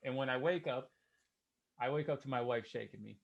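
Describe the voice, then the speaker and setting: A man's voice: mid-range voice, a little fast, vocal fry, muffled recording. A man with a Detroit accent hosting a podcast, telling a story in casual profane chat and laughing through it. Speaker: podcast host. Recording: noticeable background noise.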